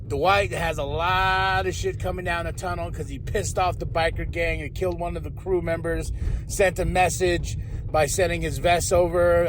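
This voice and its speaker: Male podcast host, slightly high voice, rambling and profane, recapping a TV episode over faint background noise. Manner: rambling, profane, loud bursts when excited. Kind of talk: casual solo TV episode recap.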